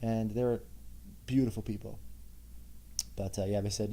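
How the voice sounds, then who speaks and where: Candid man with a low, mellow voice. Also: little pitch movement, moderate pace. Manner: candid, self-mocking storytelling with asides. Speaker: podcast host. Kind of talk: personal monologue.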